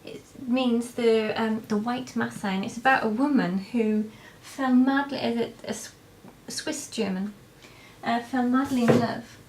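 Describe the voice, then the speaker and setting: Her voice is fairly high with fairly even intonation, and she takes her time. As a young vlogger, she rambles casually through viewer questions to camera, often hesitating and starting over.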